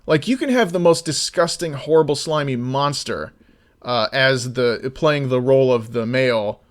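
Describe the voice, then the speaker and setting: A man talking casually on a live stream, rambling with many restarts and sometimes getting loud and exasperated. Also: medium pitch, moderate pace.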